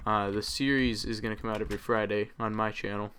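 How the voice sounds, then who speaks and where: A man's voice: on the low side, fairly even intonation, fast talker, fairly bright tone, slight background noise. A man hosting a let's play, chatting casually over his gameplay and rambling with many ums and uhs.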